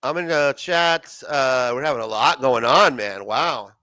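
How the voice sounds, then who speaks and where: A man's voice: medium pitch, unhurried, sharp tone, no room sound. A man hosting a casual livestream, reading chat comments aloud with profane, laughing banter. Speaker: livestream host.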